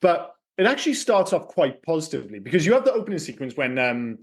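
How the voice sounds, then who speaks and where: A man's voice: on the high side, big pitch swings, fast. A man co-hosting a podcast, chatting casually about an old film, rambling, correcting himself and swearing freely. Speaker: podcast co-host.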